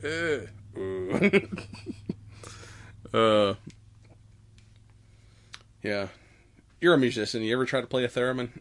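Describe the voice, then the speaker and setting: A man co-hosting a casual podcast, recapping a movie with frequent laughter and quick quoted voices. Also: medium pitch, animated, a bit bright. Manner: laughs often, retells scenes doing quick quoted voices. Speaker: podcast co-host.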